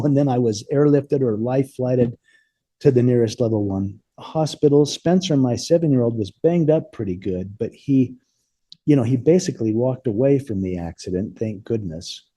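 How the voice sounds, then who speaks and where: A man with a very dark, mellow voice that has a husky edge, heard in a dry room with no echo. He tells a personal story as an interview guest. His delivery is halting and earnest, with frequent repeated words. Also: mid-range voice, animated.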